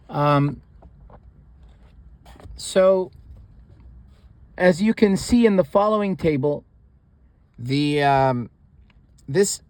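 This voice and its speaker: Man, fairly high voice, casual teacher, says each word again and again. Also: darkish tone. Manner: repeats words slowly, with pauses and restarts. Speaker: language teacher. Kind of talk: casual spoken lesson with a book.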